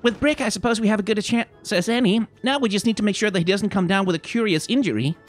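A man voicing a calm, practical young woman companion. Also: high voice, fast, soft background music, voice pushed up, close to an everyday voice.

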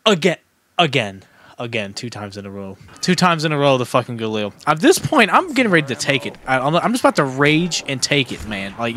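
A young man giving casual, excitable commentary on his own gameplay, laughing often and repeating himself. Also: mid-range voice, a little fast. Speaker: gaming streamer. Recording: faint background noise.

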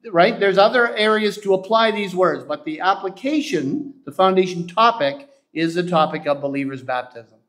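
A man preaching a sermon, often checking that the congregation agrees and slowing down to read scripture aloud. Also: high voice, lively intonation, a bit bright. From Canada. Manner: emphatic, asks the congregation to agree; slows down to quote scripture. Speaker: pastor.

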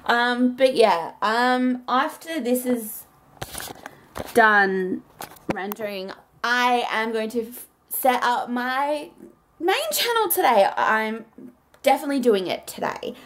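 A young woman talks through her day for her vlog in a chatty, rambling way. Her voice sits high and swings a lot in pitch. She takes her time, with a faint hiss of noise behind her. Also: expressive, slow pace, fairly bright tone. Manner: chatty and rambling, with frequent "so yeah" and "um". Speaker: vlogger. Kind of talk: casual daily vlog.

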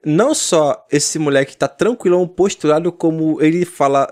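A Brazilian man reacting to a clip in quick, casual commentary. His voice sits a bit high, and he rattles through slangy, teasing remarks at speed. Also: a little mellow. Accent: Brazilian Portuguese. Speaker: reaction video host.

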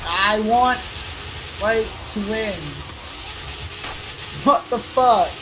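A woman streaming a game live, commentating in a profane, excitable, trash-talking way. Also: fairly high pitch, drawn-out words, rough recording. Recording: game music underneath.

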